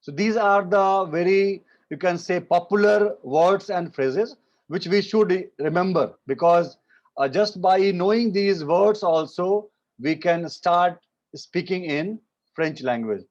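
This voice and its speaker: A man with an Indian accent teaching French in an online class, repeating each phrase slowly and mixing English with Hindi. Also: high-pitched. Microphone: video call. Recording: muffled video call audio.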